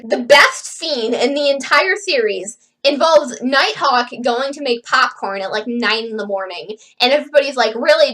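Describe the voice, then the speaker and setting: A woman's voice: high voice, a bit bright. A woman giving a casual, chatty book review on her video channel, sarcastic and opinionated.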